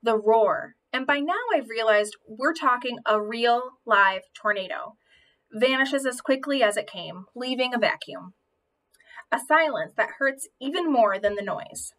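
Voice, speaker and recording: Bright-voiced woman reading a story. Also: on the high side, unhurried. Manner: expressive first-person storytelling. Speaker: audiobook reader. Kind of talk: reading a children's novel aloud.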